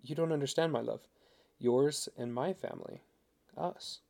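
A man voicing a devoted young husband, earnest and gently persuasive. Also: mid-range voice, a little slow, creaky.

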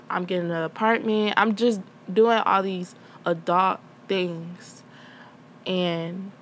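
A woman's voice: lowish voice, fairly bright tone, slight background noise. A young adult woman hosting a podcast from home, talking candidly and rambling with many fillers. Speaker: podcast host. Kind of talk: casual personal talk.

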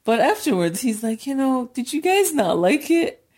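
A woman co-hosting a podcast in casual chat, animated and laughing often, her voice jumping up when she gets excited. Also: high-pitched, normal speed, slightly rough. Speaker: podcast co-host.

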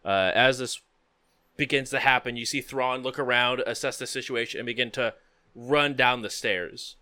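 A man narrating a tabletop game as game master, describing scenes in a halting way with frequent fillers. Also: mid-range voice, sharp tone, no room sound.

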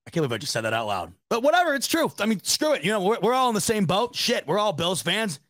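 A young man from the Rochester, New York area hosts a casual sports chat, reading the live chat as he goes. He rambles, stumbles over his words and swears without a second thought, in a slightly high voice. The room is dead dry, with no echo at all. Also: sing-song, quick pace, fairly bright tone. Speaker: sports podcast host.

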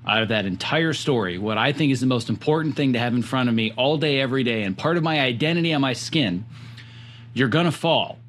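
A man's voice: medium pitch, expressive, fast talker, few pauses, a bit bright, a little hiss or hum. Thoughtful man hosting an interview. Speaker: podcast host. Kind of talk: reflective interview questions.

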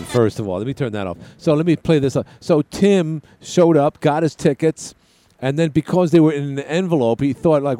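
A man's voice: fairly high pitch, moderate pace, mellow, faint music behind. A man hosting a call-in radio show, chatting in a rambling, joking way with plenty of side tangents. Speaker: radio talk show host. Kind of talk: call-in talk radio chat.

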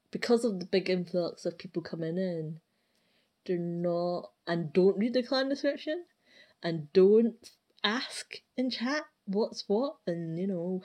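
Rambling woman with a mellow voice. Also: on the low side. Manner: rambling, exasperated, many fillers. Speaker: clan leader. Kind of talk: casual gaming chat.

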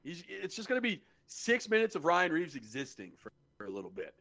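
A man co-hosting a sports talk show, with a slightly higher-than-usual voice. He breaks the game down in a blunt, analytical way and drops curse words freely in casual back-and-forth. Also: huge pitch swings, brisk, creaky, bright, forceful tone. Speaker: podcast co-host.

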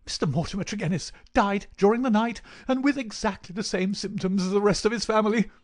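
A man voicing an excitable male country vicar who cries out in agitation, in an audiobook reading. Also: high voice, fairly quick, voice pushed up, close to an everyday voice. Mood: frantic. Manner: agitated, crying out. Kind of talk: audiobook character voice.

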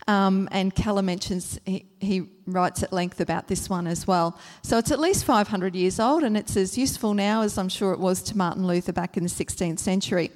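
A woman's voice: mid-range voice, moderate pace, few pauses. Woman teaching in a reverberant hall. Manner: gentle, explanatory, many ums and uhs; repeats a phrase to stress each word. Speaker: church teacher. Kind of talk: church teaching talk.

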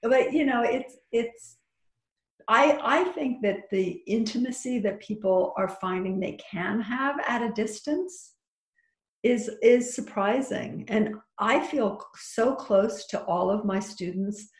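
A woman's voice: on the high side, takes it slowly, reverberant. A woman talking as a podcast guest who teaches psychic workshops, chatty and full of restarts and advice. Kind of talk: casual podcast chat.

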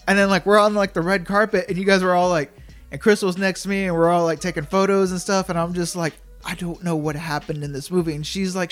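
A man's voice: high voice, level tone, fast talker, fairly bright tone, faint music behind. A man telling a long dream story in casual chat, full of "like" and acted-out quotes. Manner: rambling, heavy use of "like", acts out quotes.

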